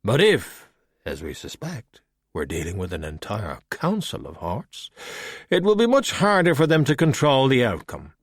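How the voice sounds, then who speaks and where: A man voicing a calm, witty skeleton detective in an audiobook, speaking in a measured, wry and unhurried way. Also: mid-range voice, no echo. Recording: dry close audiobook recording.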